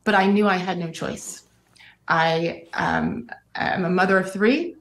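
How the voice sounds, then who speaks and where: A woman's voice: fairly low pitch, sing-song, a little slow, roomy sound. A middle-aged woman guest in an interview clip, speaking candidly and earnestly with fillers like "like" and "um".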